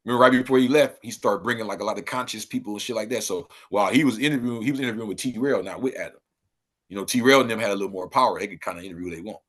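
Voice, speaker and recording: A man from Los Angeles talking loosely as a podcast guest, breaking into animated exclamations. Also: on the low side, very fast. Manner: loose street talk, animated and exclaiming when riled. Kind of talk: casual interview chat.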